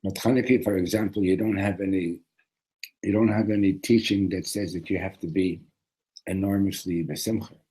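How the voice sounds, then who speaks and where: A man teaching a classroom lesson on a religious text, animated, often restarting and repeating words. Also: deep voice, moderate pace, husky, rough recording.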